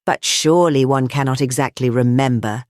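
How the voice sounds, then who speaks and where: A narrator voicing a pompous, slow-witted gentleman who chairs a club dinner. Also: medium pitch, dry recording, studio quality, natural voice. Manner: pompous, heavy.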